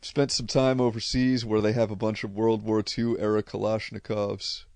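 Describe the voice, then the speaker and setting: This Connecticut man speaks with a New England accent in an unscripted, casual chat, fielding viewer questions in a profane, blunt, rambling way. His lowish voice is delivered flatly at a moderate pace, with a darkish, clean tone and no echo.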